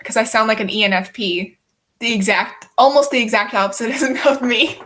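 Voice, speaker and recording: A woman's voice: fairly high pitch, normal speed, fairly bright tone. A young woman guest in a casual livestream chat, answering briefly and laughing easily. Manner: brief replies, laughs often.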